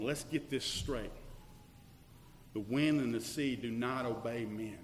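A man preaching a sermon, swinging from loud declarations to hushed, searching questions. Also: mid-range voice, measured pace, a little hiss or hum. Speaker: pastor. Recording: echoey hall with long reverb.

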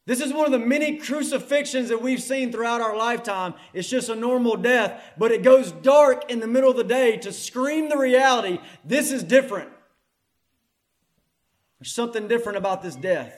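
A man preaching a sermon, moving between hushed scripture reading and loud, impassioned proclamation. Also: extremely high pitch, animated, moderate pace.

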